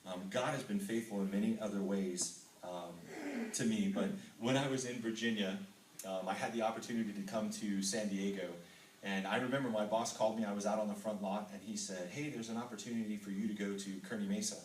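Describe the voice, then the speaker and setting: This middle-aged Texas man's testimony to a men's ministry group is earnest and full of ums, opening with a scripture reading before turning personal. He talks fairly quickly in a low-leaning voice with fairly even intonation. A far-off mic in a roomy hall adds slight background noise.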